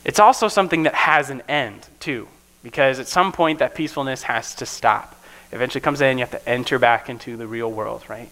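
Male preacher, bright tone, laid-back conversational sermon, keeps checking in with the audience. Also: medium pitch, a little fast, rough recording. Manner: keeps checking in with listeners with "right?".

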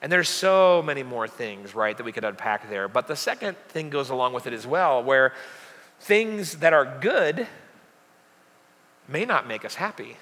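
A man's voice: medium pitch, big pitch swings, moderate pace, a bit bright. A young adult man preaching a casual sermon, chatty and joking with lots of fillers. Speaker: pastor. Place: church hall. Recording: long hall reverb.

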